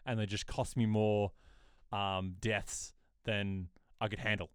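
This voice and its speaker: A man in his thirties co-hosting a podcast, telling game stories in casual chat and breaking into high quoted voices. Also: slow pace, clean tone, dry recording, clean studio sound. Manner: animated storyteller, bursts into high-pitched quoted voices. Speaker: podcast co-host.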